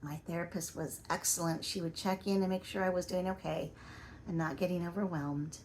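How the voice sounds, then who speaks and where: A woman giving reflective personal narration in a soft, measured way, at times dropping to a whisper. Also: on the low side, fairly even intonation, a little hiss or hum. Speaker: vlogger.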